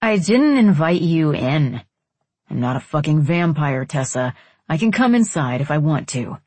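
A woman's voice: low voice, big pitch swings, measured pace, dark tone, breathy edge, no room sound, pitched below the performer's own voice, full character voice. A woman voicing a blunt young male lover. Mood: taunting. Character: young man, blunt, hard-edged lover.

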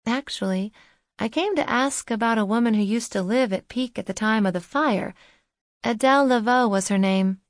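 A persistent, probing young woman, voiced by the audiobook narrator, asking question after question in a lifted, earnest voice. She holds steady and never lets the point drop. The sound is dry and close. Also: fairly high pitch, normal speed, no echo, close to an everyday voice. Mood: insistent.

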